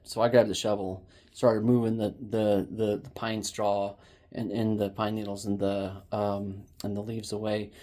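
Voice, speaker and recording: Rambling man vlogging to his phone. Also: on the low side. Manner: rambling and animated, bursts into loud shouts when quoting. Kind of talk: casual storytelling to camera.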